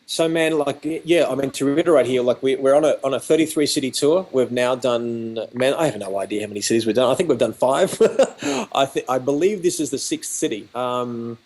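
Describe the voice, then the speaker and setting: A man's voice: mid-range voice, brisk, darkish tone. A man with an Australian accent, a photography educator, chatting on a video call and acting out quoted exchanges as he talks. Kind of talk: animated conversational storytelling.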